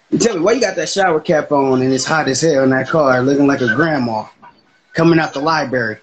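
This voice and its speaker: A man's voice: mid-range voice, fairly quick, noisy background. A man taunting and boasting in a live-stream roast battle. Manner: taunting, boastful, laughing jabs.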